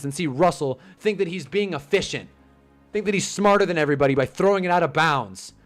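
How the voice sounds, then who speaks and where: A young man hosting a live stream, ranting casually and growing loud in outbursts. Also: a little high, brisk, soft background music. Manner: frustrated, swearing, swings into loud outbursts.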